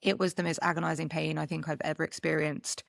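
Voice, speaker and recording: A young adult woman, a podcast co-host, telling a story calmly in casual chat with soft murmurs of agreement. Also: low-pitched, quick pace, gravelly, no echo, clean studio sound. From Britain.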